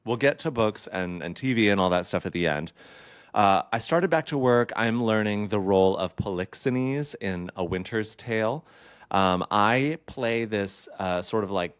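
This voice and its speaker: Podcast host, man in his thirties, campy and caffeinated, deep smooth voice. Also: moderate pace, dry recording, studio quality. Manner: chatty and playful, with campy asides. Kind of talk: casual solo podcast chat.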